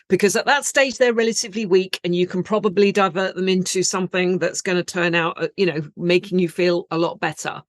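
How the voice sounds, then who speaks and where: A woman with a British accent, an acupuncturist guest, explaining things in a calm and measured way during an interview. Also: lowish voice, no room sound, clean studio sound.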